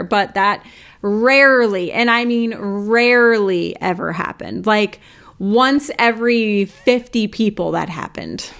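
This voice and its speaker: A woman's voice: medium pitch, measured pace, creaky, fairly bright tone. A woman hosting a reaction video, giving skeptical, conversational commentary and explaining the numbers. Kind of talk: casual commentary.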